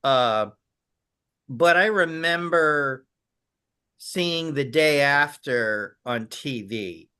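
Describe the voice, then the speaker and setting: Man, podcast guest, bright higher voice, eager and rambling, acts out quotes. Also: extremely slow, smooth. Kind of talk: casual interview chat.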